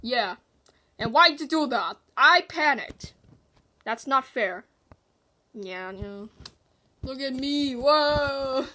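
Excitable high-voiced woman gaming. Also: slow, long pauses. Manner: excitable, squealing and groaning at the game. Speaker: gaming video host. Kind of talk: playful game commentary with toy voices.

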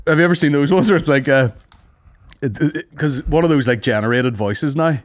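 A man co-hosting a podcast, animated, sweary and mocking. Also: a little high, fairly quick, no room sound. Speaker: podcast co-host. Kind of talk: casual chat.

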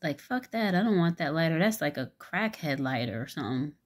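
A woman's voice: low-pitched, lively intonation, a little fast. A woman voicing a rude, domineering woman in her forties, speaking in a demanding, aggressive way.

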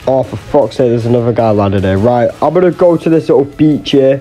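A man's voice: mid-range voice, fairly quick, mellow, soft background music. A young man giving swearing, exasperated, jokey commentary over his own gameplay. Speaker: gaming YouTuber.

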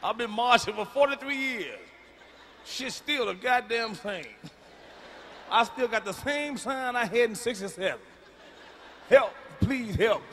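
A middle-aged man working a stand-up crowd, blunt and profane, with a high and cutting voice. His punchlines come out booming. The sound is a live stage mic with a long hall reverb and a faint murmur behind it. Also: unhurried, pushed and bright, a little hiss or hum. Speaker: stand-up comedian. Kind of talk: stand-up routine. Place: large concert venue.

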